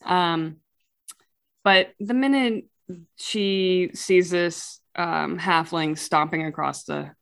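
A woman's voice: lowish voice, slow, gravelly, clear, resonant tone. A woman playing a tabletop game, chatty and self-correcting as she describes her character. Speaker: player. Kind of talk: casual tabletop game play.

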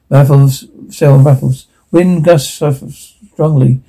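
A man reading a screenplay aloud, voicing every part and the sound cues, in a plain, unhurried way with slips and restarts. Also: a little high, steady tone, gravelly, warm tone, husky, low-quality recording. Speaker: reader.

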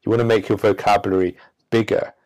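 A man hosting a self-help podcast, speaking emphatically with drawn-out pauses and a preachy tone. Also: on the low side, little pitch movement, darkish tone. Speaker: podcast host. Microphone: audio-only recording.

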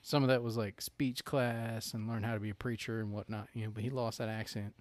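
A lowish-voiced man from North Carolina chatting casually as a podcast co-host. He rambles, piling on "like" and "you know", and laughs easily. The recording is close and dry, with no room sound. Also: flat delivery, brisk, no room sound. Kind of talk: casual chat.

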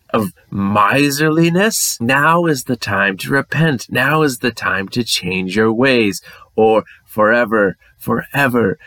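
A man's voice: mid-range voice, a bit bright, no room sound. A man voicing the ghost of an old baseball team owner, in a put-on English accent, lecturing and scolding.

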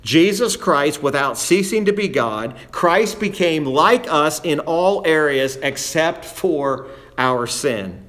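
A man's voice: fairly high pitch, lively intonation, fairly bright tone. Emphatic man preaching a sermon. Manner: emphatic, slows down to stress key phrases; quotes scripture in old-fashioned wording. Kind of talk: expository sermon.

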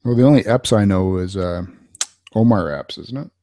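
A laid-back man co-hosts a podcast with deadpan replies. His voice is low and mellow, recorded dry and close. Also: normal speed, no echo. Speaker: podcast co-host. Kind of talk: casual chat.

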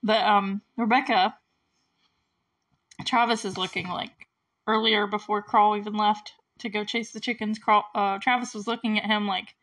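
A woman casually recapping a movie, chatty and full of "like", with small laughs and frequent throat clearing. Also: mid-range voice, fairly even intonation, normal speed, fairly bright tone. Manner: often clears her throat.

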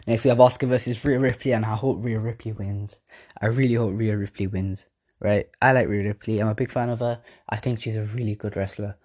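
Rambling lad, casual podcast chat. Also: male voice, on the low side, fairly even intonation, brisk, a little mellow. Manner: rambling, slangy, swears, laughs at himself. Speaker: podcast host. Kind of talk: casual wrestling predictions chat.

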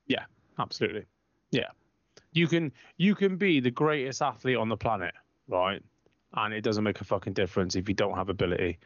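A man's voice: on the low side, fairly quick, no room sound. Swearing, ranting man. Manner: ranting, swears constantly, blunt. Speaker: podcast co-host, football fan. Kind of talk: heated casual chat. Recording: dry, slightly muffled lo-fi sound.

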